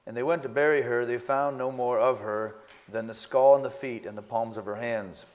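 Man, preacher, sermon, earnest, halting, repeats words, reads old scripture. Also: medium pitch, fairly even intonation, a little mellow.

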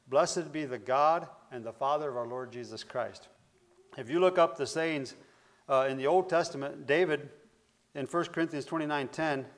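A man preaching a Bible lesson in a conversational, searching way, reading verses aloud and working through his thoughts. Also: a little high. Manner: conversational, searching, with fillers and restarts. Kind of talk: Bible teaching sermon.

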